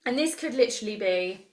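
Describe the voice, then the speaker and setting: A woman in her thirties, leading a live online coaching session in an enthusiastic, chatty way and reacting to messages from the chat. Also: fairly high pitch. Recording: roomy echo.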